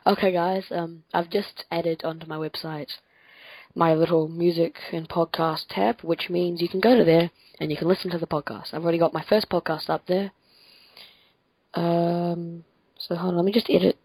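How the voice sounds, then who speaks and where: Gravelly, husky young woman from France. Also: fairly low pitch, steady tone, moderate pace, a little mellow, no echo, low-quality recording. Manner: rambling, self-correcting, laughs often. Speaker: podcast host. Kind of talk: casual chat. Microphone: home computer mic on a Skype call.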